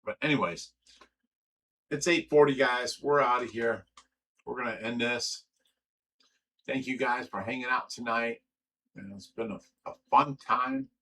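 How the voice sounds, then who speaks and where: A man's voice: medium pitch, measured pace, long pauses, fairly bright tone, low-quality recording. A man hosting a casual livestream, reading out viewer comments and trash-talking in a brash, boastful way.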